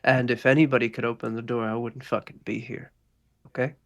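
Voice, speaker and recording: A man voicing a bored, sarcastic young busboy on a smoke break, talking in a flat, sneering drawl. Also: medium pitch, fairly quick, lightly acted. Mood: irritated.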